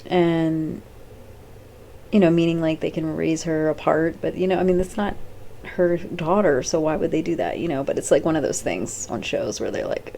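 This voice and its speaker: A chatty woman talks through a show off the cuff in a low, gravelly voice with a mellow, dark tone. She rambles, quotes the characters in quick bits of their voices, and swears freely. A faint hiss sits under the recording. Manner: rambling, chatty, acts out characters' lines with "she's like"; blunt and swears casually. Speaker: host. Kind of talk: off-the-cuff video commentary.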